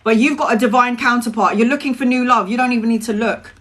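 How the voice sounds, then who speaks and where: A woman's voice: a little high, steady tone, quick pace, fairly bright tone. A woman giving live tarot readings to viewers, chatty and emotional, calling people by name and laughing easily. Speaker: tarot reader.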